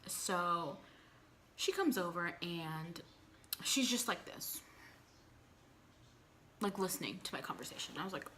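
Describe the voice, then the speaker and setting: A woman's voice: fairly low pitch, measured pace, pauses often, slight background noise. A young woman telling a personal story time on her vlog, speaking animatedly and filling her talk with constant "like"s. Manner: animated storytelling with frequent "like" fillers. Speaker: vlogger.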